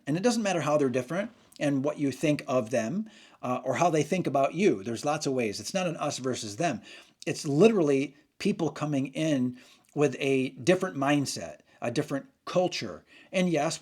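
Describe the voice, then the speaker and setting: A man's voice: medium pitch, a little mellow. A man hosting a casual opinion monologue, rambling and often stopping to correct himself. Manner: rambling, frequent restarts and self-corrections. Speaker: channel host.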